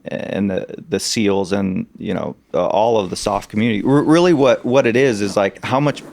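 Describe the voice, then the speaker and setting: A man's voice: on the low side, moderate pace, creaky, darkish tone. A man, a podcast guest, telling army stories in a casual, hesitant way with many fillers. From Arizona. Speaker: podcast guest, political consultant. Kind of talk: casual storytelling.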